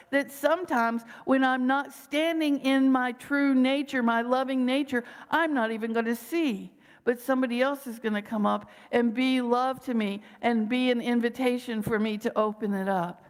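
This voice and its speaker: A woman minister giving a gentle sermon, slowing down to guide her listeners through pauses and breaths. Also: a little high, long reverb tail. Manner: gentle, slow guiding pauses with breathing cues.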